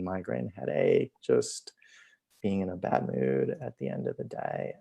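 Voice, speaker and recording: A physician and host talking casually on a video call, telling stories with lots of filler words. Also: male voice, mid-range voice, vocal fry, a little mellow. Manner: chatty, many "like" fillers. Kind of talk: casual conversational storytelling.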